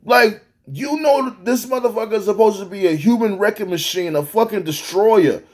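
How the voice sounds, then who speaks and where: Man, high-pitched voice, profane wrestling rant, exasperated, animated. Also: normal speed. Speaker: wrestling reviewer. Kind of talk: profane ranting review.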